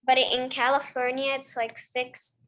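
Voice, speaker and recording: A young student's voice over a video call, pitched fairly high. She asks her questions haltingly, pausing and filling the gaps with "uh" and "like.". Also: little pitch movement, fairly bright tone. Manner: hesitant, halting speech with fillers. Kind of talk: casual question and answer.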